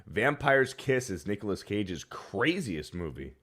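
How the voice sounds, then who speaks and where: A man's voice: lowish voice, big pitch swings, a little slow, fairly bright tone. A man co-hosting a casual livestream show, reading viewer messages aloud and laughing along. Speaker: co-host reading super chats.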